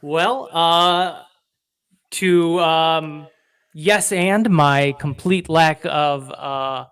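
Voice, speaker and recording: A man's voice: fairly high pitch, very slow, a bit bright, smooth. A man co-hosting a comedy podcast, rambling through self-deprecating stories and acting out bits of dialogue. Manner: self-deprecating, rambling, acts out voices in anecdotes. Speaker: podcast co-host.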